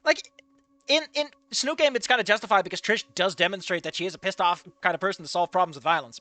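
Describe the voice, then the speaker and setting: Male fic reader, high and lively, irreverent comedic commentary between passages. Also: no room sound. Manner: animated, swears freely, quick to laugh at the text. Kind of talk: dramatic reading with comedic asides.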